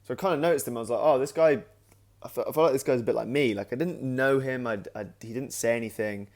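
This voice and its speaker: Man telling an animated anecdote. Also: medium pitch, quick pace. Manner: animated anecdote, acting out his own past remarks; loose, with frequent restarts and "like". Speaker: creator and host of his own channel. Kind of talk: casual storytelling to camera.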